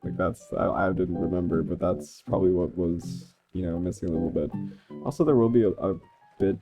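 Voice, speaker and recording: A woman with a very deep voice talks loosely over her game, chatty and self-mocking. Her tone swings up and down a lot. Game music plays clearly underneath her. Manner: rambling, chatty, laughs at herself. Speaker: gaming vlogger. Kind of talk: casual gameplay commentary.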